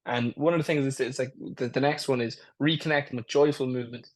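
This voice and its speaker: A man talks fast and earnestly as a podcast co-host. He explains his points with many "it's like, listen" asides. His pitch is in the middle range. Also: steady tone. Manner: rapid, earnest, often says "it's like, listen". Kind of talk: casual chat.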